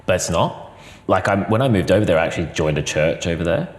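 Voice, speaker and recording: An Australian man speaking as an interview guest, earnest and expressive, piling up repeated phrases as he tells his story. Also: low-pitched, fast talker. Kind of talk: heartfelt personal interview. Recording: roomy hall reverb.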